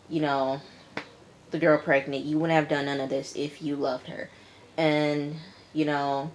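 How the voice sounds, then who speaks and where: Chatty young woman with a low voice. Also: slight background noise. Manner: chatty, mimics people in retelling, says "like" a lot. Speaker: YouTuber reviewing a reality show. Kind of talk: casual vlog recap.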